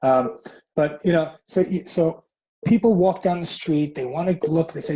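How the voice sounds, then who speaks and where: A man's voice: fairly high pitch, moderate pace, dark tone, rough recording. A man from New York City hosting an interview, encouraging and rambling with many fillers. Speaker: host. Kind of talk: casual interview.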